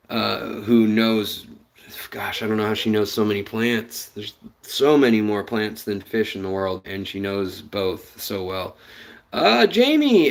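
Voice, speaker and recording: A man with a slightly low voice hosting a relaxed live stream from home. He rambles with plenty of "um"s and "uh"s and calls out viewers in the chat by name. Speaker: livestream host.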